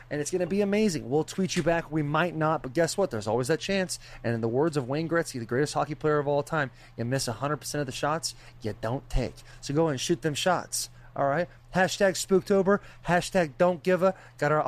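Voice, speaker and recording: A young man co-hosting a podcast, talking in loud, hyped, rambling and jokey banter. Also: fairly high pitch. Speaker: podcast co-host.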